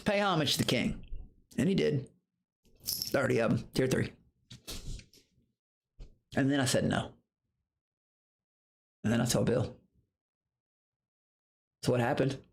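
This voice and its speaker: A man streaming live, telling a story in a profane, animated rant, breaking into high outbursts and greeting viewers from chat. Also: slow pace, vocal fry, pauses often. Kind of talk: casual livestream rant.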